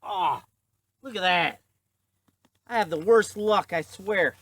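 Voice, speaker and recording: A man's voice: sits high, takes it slowly, fairly bright tone. A man vlogging in a garage, telling a story casually with lots of fillers and restarts, recorded on a camera mic. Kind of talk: casual chat.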